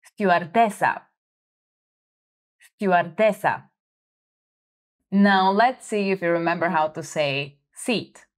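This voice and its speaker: A woman hosting a vocabulary lesson, speaking slowly and clearly, prompting listeners to repeat words and encouraging them. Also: fairly low pitch. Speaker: language teacher host. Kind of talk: slow vocabulary drill lesson.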